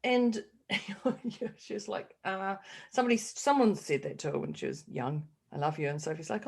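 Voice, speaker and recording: A woman's voice: mid-range voice, normal speed, vocal fry, husky. Middle-aged aussie woman chatting on a podcast, tells stories and laughs a lot. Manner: animated storyteller, acts out quoted voices, laughs often. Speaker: podcast co-host. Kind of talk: casual chat.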